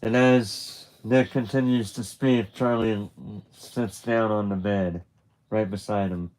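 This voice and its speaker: A man's voice: lowish voice, steady tone, slow pace, a little mellow, low-quality recording. A man narrating a graphic novel aloud on a live stream, casual and chatty, with restarts and asides. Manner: loose and chatty, with restarts and laughter.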